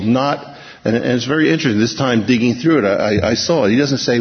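A man's voice: medium pitch, expressive, fast talker. Man preaching in a big echoing hall. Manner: storytelling, acts out quotes with shifting pace and volume. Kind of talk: sermon. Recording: dull, muffled sound in a long-reverb hall.

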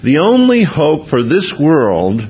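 Pastor, male, husky voice, conversational sermon delivery, dull lo-fi radio sound. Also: a little high, wildly swooping pitch, takes it slowly. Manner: conversational, with restarts and chuckles. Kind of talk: expository sermon.

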